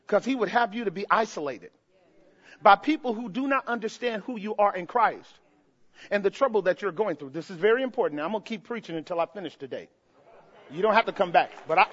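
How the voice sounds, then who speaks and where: A man preaching a sermon as pastor, swinging from soft asides to impassioned shouts. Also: high voice, highs cut off.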